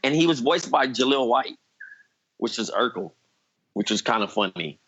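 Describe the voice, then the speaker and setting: A man's voice: mid-range voice, lively intonation, moderate pace, fairly bright tone, dry recording. Man joking over dull call audio. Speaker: podcast co-host. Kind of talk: casual group chat.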